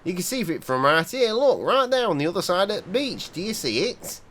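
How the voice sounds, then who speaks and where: A superstitious old fisherman, put on by a man reading a game aloud. His voice sits higher and rougher, folksy and grim, full of old seaside turns of phrase. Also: big pitch swings, a little fast, fairly bright tone, a little hiss or hum. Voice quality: gruff, old-fashioned folksy speech. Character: weathered old male fisherman, gruff and superstitious.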